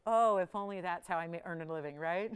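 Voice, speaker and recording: A woman hosting a live TV jewelry shopping show, chatty and animated, laughing often and counting prices down. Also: fairly low pitch, brisk, clean tone. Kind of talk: live TV sales pitch. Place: TV shopping studio.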